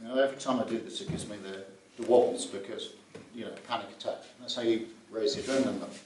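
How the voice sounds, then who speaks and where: A man's voice: fairly low pitch, steady tone, quick pace, noisy background. A middle-aged man, a glider pilot, giving a vivid, anecdotal safety briefing and acting out scenes. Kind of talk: spoken safety talk to fellow pilots. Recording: echoey room from far off.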